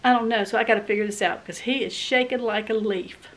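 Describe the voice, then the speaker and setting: A woman's voice: on the high side, fast talker, background noise. A woman chatting casually on her home vlog in a folksy, rambling way. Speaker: vlogger. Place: rural home and yard.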